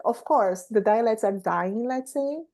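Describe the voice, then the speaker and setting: Brazilian woman, native Portuguese speaker, host, higher mellow voice, measured and thoughtful. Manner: thoughtful, measured explaining with fillers. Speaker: interview host. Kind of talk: casual chat.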